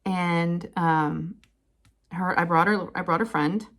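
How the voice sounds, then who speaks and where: Woman, 30s, chatty crafting vlogger, animated storyteller, laughs often. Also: slow pace. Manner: chatty, animated, laughs often, quotes people in higher voices. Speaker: crafting channel host. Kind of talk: casual storytelling chat.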